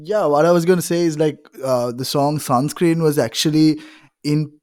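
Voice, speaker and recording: A man's voice: a little high, moderate pace. A man, a band member speaking casually in an interview. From Sri Lanka. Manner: relaxed, filler-heavy.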